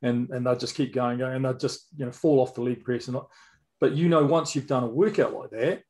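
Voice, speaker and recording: A man's voice: medium pitch, fairly even intonation, a little fast, darkish tone. Blunt middle-aged New Zealand man. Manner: storytelling, blunt with stammered restarts. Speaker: podcast co-host, former personal trainer. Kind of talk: casual chat.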